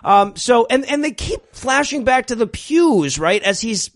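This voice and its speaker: A man co-hosts a comedy podcast and recaps a film with sarcastic jokes and frequent laughs. His voice sits high. The mic sound is dry and close. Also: very animated, a little slow, no echo. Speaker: podcast co-host. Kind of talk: casual comedic movie riffing.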